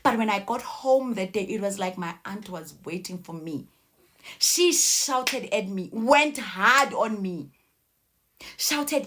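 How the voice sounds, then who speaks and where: A young woman telling a personal story in a casual, animated way. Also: mid-range voice, measured pace, a little hiss or hum. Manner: animated, acts out voices.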